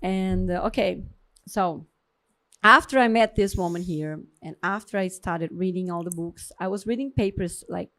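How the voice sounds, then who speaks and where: A woman's voice: on the low side, pushed and bright. A woman with a Brazilian Portuguese accent hosting a podcast interview, effusive and openly emotional as she welcomes her guest. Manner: effusive, emotional, quick switches between English and Portuguese. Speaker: podcast host, endocrinologist.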